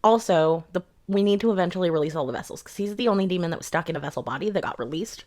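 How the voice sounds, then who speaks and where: A woman's voice: fairly low pitch, lively intonation, very fast, a little mellow. A young adult woman giving a rambling, sarcastic book review in a casual rant, swearing freely.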